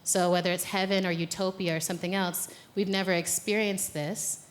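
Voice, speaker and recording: An American conference organizer, her voice on the low side with little pitch movement and a slightly fast pace, leads a guided exercise. Then she gives a playful, conversational talk from the stage at the venue and laughs at her own jokes.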